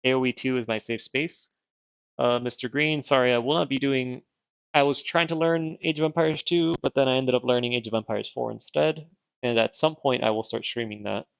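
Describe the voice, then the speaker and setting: Gravelly casual male game streamer. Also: mid-range voice, brisk, dry recording, lo-fi sound. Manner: rambling, self-deprecating, thinks aloud. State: wearing dental retainers. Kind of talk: casual game livestream chat.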